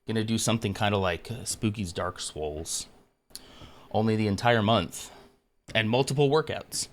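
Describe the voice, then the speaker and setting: A man's voice: fairly low pitch, normal speed. A man hosting a casual live stream, chatting with viewers and out of breath from exercise. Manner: chatty, self-mocking, greets viewers by name. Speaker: livestream host.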